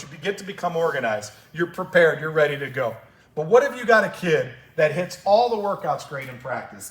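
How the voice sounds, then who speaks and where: A man who coaches track and field, telling stories to fellow coaches at a clinic with passion and open emotion. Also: a little high. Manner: passionate storytelling, gets emotional. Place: large conference room. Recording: echoey room, voice far from mic.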